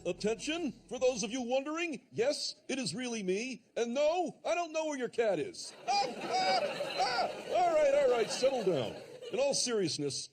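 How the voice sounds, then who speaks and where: A man's voice: very high voice, sing-song, unhurried, music in the background, heavily acted. An actor playing a self-important best man giving a jokey wedding toast.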